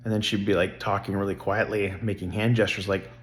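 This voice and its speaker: Middle-aged man, lowish voice, earnest and rambling, casual family vlog talk. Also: flat delivery, fairly quick, slight background noise. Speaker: vlogger.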